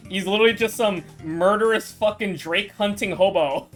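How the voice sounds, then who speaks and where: A woman's voice: medium pitch, moderate pace, soft background music. A woman streamer in casual chat with her viewers, swearing, rambling and laughing often.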